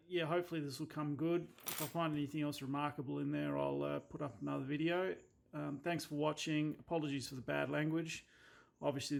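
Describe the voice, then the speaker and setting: A man's voice: on the high side, creaky. A man with an Australian accent, talking casually through a watch repair as a watchmaker, blunt and exasperated with a habit of swearing when annoyed. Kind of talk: casual workbench commentary.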